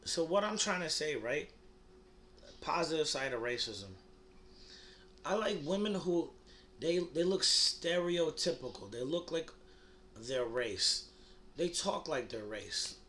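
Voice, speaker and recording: A man's voice: fairly high pitch, lively intonation, slow, long pauses, pushed and bright, slight background noise. A young man from the United States delivering a rambling, crude comedic monologue, full of fillers and restarts. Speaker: comedy vlogger.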